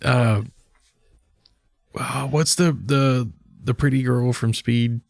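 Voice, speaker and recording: A man co-hosting a podcast, casually telling a story with halting pauses. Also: mid-range voice, fairly even intonation, creaky, darkish tone, no room sound. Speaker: podcast co-host. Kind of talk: casual chat.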